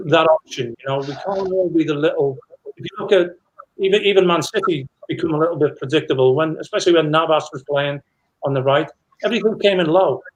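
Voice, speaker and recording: A man's voice: a little high, fast, slight background noise, rough recording. A middle-aged man, a former footballer, telling anecdotes in a rambling casual chat with many restarts.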